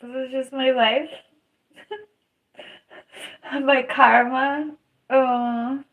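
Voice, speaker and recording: A young woman talks unhurriedly on her live stream, her voice sitting a little high. She is hurting and near tears, and she rambles, laughs through the pain and lets out groans as she goes. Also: level tone, very slow, phone-quality sound. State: in pain, tearful. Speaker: livestreamer. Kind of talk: casual live stream chat.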